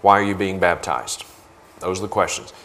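Male guest preacher, low voice, indignant, emphatic repetition. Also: steady tone, normal speed, fairly bright tone. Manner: indignant, emphatic, repeats phrases for force. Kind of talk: sermon with video commentary.

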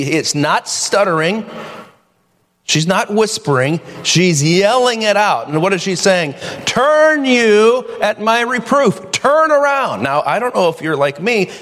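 Animated preacher in a reverberant church. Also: male voice. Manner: animated, folksy storytelling with sudden high-pitched acted quotes. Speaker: pastor. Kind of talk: sermon. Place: church sanctuary. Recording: long hall reverb.

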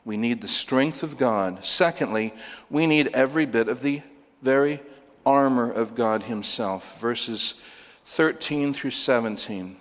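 A man's voice: mid-range voice, a bit bright. A man with a mid-range voice preaches a sermon from the pulpit. He speaks emphatically and keeps posing rhetorical questions to his listeners. His words ring out with the long reverb of a big hall. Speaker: pastor.

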